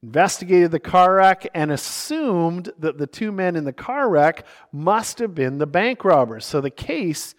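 A male pastor delivers a sermon in a noticeably high voice. He reads scripture passages aloud and moves into illustrative stories. His delivery swings between hushed moments and emphatic stresses. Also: lively intonation, a little slow, few pauses.

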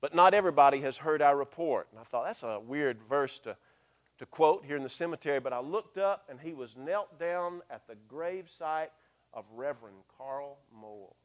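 Pastor telling a story in a sermon. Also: male voice, fairly high pitch, expressive. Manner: earnest storytelling, quoting scripture in a hushed slow voice.

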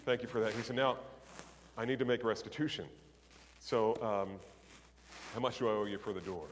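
A man preaching, telling an anecdote in animated storytelling style and acting out the characters' lines. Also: fairly low pitch, a little fast, in a large hall, a little hiss or hum. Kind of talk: sermon storytelling.

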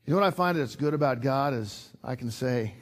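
Older man, pastor, conversational sermon, earnest, average pitch, repeats himself. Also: expressive, a little fast. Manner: conversational, earnest, with repetitions and sudden emphatic rises.

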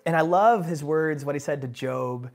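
A man's voice: fairly high pitch, normal speed. A male pastor preaching a sermon in a conversational, emphatic way, often checking in with the congregation. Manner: animated and emphatic, swinging from quiet asides to loud bursts; conversational, asks the congregation "right?".

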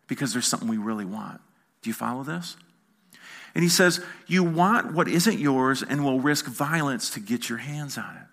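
Bright-voiced middle-aged man preaching. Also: mid-range voice. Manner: animated storytelling with playful asides to the congregation. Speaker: pastor. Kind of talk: sermon. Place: church sanctuary.

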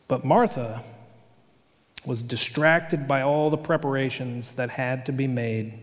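A man's voice: on the high side, animated, a little slow. A male pastor preaching a sermon in a conversational way, with fillers and restarts. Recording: long hall reverb.

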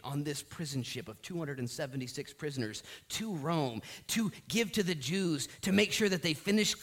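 A male pastor delivers a sermon with lots of rise and fall in his voice. He tells the story in an animated way and acts out the lines of the people in it. He sounds like he is speaking in a church. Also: mid-range voice.

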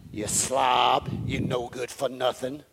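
A scornful devil speaks low and gravelly, taunting and accusing in a sneering drawl, as a preacher puts him on in his sermon. The voice drops well below the man's own pitch and grinds with a rough edge. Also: level tone, takes it slowly, background noise.

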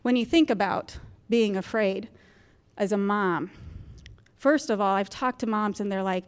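She is in her fifties and addresses a moms' group as a guest speaker in a church gym, sharing openly, joking at her own expense and laughing frequently. The big-room sound surrounds a clean, medium-pitched voice delivered at a measured pace.

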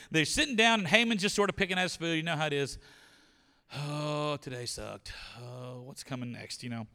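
Man, pastor, lively story sermon, high bright voice, church-hall reverb. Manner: animated storytelling, acting out characters.

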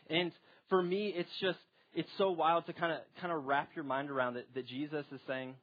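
A man's voice: a little high, fairly even intonation, a little fast. A young man giving a casual Bible teaching, talking conversationally with plenty of fillers. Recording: dull lo-fi recording.

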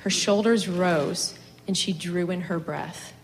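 A woman reading a story aloud in a measured, expressive way. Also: lowish voice, low-quality recording. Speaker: reader.

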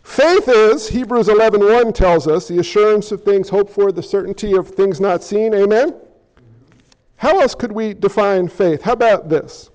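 A man's voice: sits high, moderate pace, darkish tone, low-quality recording. A man preaching a sermon as pastor, talking conversationally and playfully while questioning his congregation.

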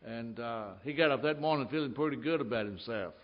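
A man's voice: mid-range voice, brisk, muffled recording. A man preaching a sermon in a church, telling stories emphatically and acting out the scenes. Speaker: pastor.

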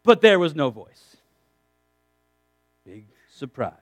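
A man's voice: high voice, big pitch swings, moderate pace, long pauses, no room sound. A man preaching a sermon to young people, reading scripture aloud and breaking off into emphatic asides, with frequent restarts. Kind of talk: sermon to a youth group.

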